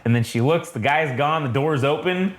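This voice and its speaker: A man's voice: a little high, normal speed, reverberant. A man co-hosting a podcast, retelling a comic's plot casually with lots of swearing and acted-out quotes. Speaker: podcast co-host. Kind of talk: casual comic review chat.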